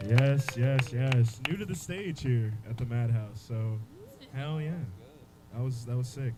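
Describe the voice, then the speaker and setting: A man's voice: mid-range voice, unhurried, noisy background. Hyped male comedy club emcee. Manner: hyped, cheering the crowd on. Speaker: host. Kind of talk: emcee introductions.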